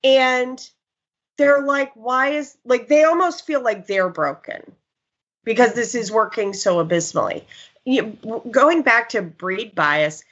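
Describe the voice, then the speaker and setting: A woman who works as a dog trainer, chatting casually and telling stories in an animated way. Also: fairly high pitch, unhurried. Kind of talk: casual podcast chat. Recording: slightly dull lo-fi sound.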